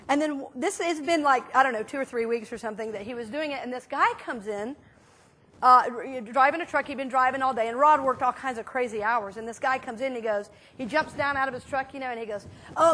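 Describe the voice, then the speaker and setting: In a church sanctuary, a woman minister delivers a casual, animated sermon, telling stories in a loose, chatty style sprinkled with fillers. Her high, bright voice addresses the room like she's talking with friends.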